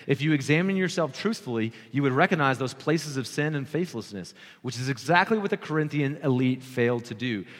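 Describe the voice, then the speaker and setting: A man preaching a sermon as pastor, earnest and emphatic, slowing down to repeat his key points. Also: medium pitch, in a large hall.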